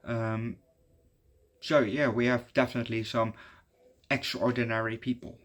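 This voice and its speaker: A man talks through a film review in a loose, offhand way, trailing off and restarting his sentences often. His voice sits at an ordinary middle pitch, and the tone stays conversational throughout. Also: flat delivery, unhurried, fairly bright tone. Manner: rambling, many fillers and restarts. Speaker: movie reviewer. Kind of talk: casual movie review.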